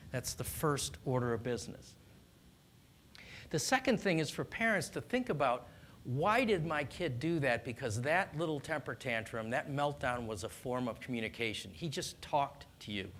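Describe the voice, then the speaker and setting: Male doctor, mid-pitched, calm and instructive, faint low rumble behind. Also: normal speed. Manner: calm, earnest, instructive, with small restarts. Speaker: doctor giving parenting advice. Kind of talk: explanatory talk on child discipline.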